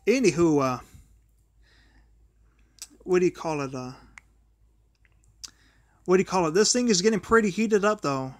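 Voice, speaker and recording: A young man with a high voice hosts his own livestream. He talks in a loose, rambling way, often trailing off and starting sentences over. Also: lively intonation, measured pace, long pauses, dry recording, studio quality. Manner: rambling, restarts and repeats words often; grumbles at a failing charger mid-talk. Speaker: livestream host. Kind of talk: rambling solo livestream talk.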